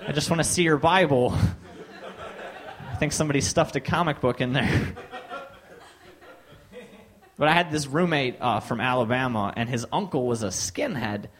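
A man's voice: medium pitch, normal speed, pauses often, fairly bright tone. A young man performing a stand-up set on a comedy club stage, telling stories and quoting people in raised voices. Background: audience laughter.

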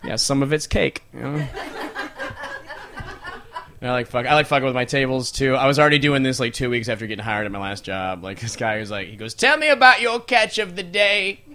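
A man's voice: mid-range voice, fairly quick. A man performing a stand-up comedy set, acting out people around him in shifting voices. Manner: animated, acts out characters in shifting voices.

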